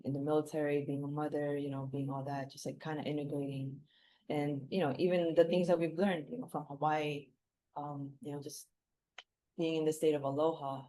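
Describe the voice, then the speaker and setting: Woman guest, low mellow voice, loose rambling talk full of fillers. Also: level tone, a little fast, slight background noise. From Philippines. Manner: rambling, many fillers and restarts. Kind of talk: reflective casual conversation.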